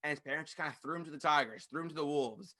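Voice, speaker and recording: A man hosting a podcast, ranting fast, loud and passionate into a studio microphone, swearing freely. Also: on the high side. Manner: fast-talking. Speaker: podcast host. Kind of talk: ranting monologue.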